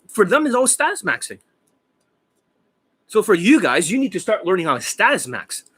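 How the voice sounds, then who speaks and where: A hoarse man lecturing his viewers as a dating coach, profane and combative, firing off rhetorical questions. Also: high voice, bright, forceful tone. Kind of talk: ranting monologue to viewers.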